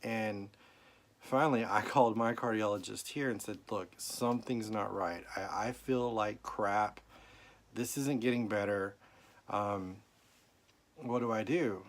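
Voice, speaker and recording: A middle-aged man tells a personal story in a rambling, emotional way, at times close to tears. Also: medium pitch. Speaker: vlogger. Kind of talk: personal health update vlog.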